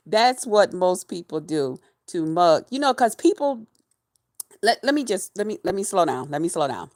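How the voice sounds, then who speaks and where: Woman streamer, mid-pitch, taunting rant with laughs and repeated slang, dead-dry sound. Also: dry recording. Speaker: livestreamer. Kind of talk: mocking rant to viewers.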